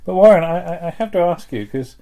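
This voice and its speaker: Guy hosting a chatty tv podcast, mellow low-key voice, lots of um and restarts. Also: animated, fast, creaky. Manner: hesitant, many restarts, asks questions. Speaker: podcast co-host. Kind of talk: casual chat about classic TV.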